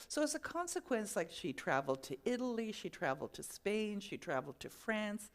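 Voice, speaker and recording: Woman minister, mid-pitched, gentle conversational sermon delivery.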